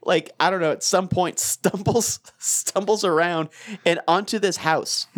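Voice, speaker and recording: A man's voice: high voice, a little slow. A young man in casual chat, telling funny stories with frequent laughter and acted-out quotes. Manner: animated, laughs often, acts out quotes. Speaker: storyteller guest.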